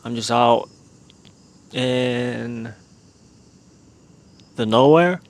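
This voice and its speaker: A man hosting a casual solo podcast, talking in a relaxed, meandering way into a handheld microphone while outdoors. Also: medium pitch, extremely slow. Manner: relaxed, meandering, with many "like" fillers. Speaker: podcast host. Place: outdoors in a remote spot.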